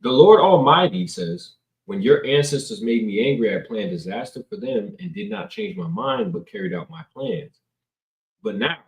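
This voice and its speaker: A man's voice: a little high, gravelly, darkish tone. A man teaching from the Bible in a loose, slangy, conversational way, reading scripture and then riffing on it, filmed on a camera indoors. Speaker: preacher. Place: indoors, filming himself on camera. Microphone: camera mic. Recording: roomy echo.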